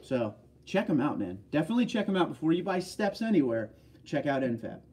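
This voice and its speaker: A man's voice: on the high side, big pitch swings, brisk, a little mellow, breathy edge, recorded from a distance. A man from the northeastern United States hosting a casual livestream, chatty and reading viewer comments aloud. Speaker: livestream host.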